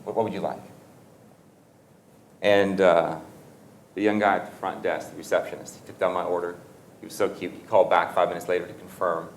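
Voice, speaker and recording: Low-voiced male motivational speaker with a casual, self-correcting storytelling style and faint room sound behind him. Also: flat delivery, brisk, a little hiss or hum. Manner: conversational and humorous, with frequent self-corrections and laughter.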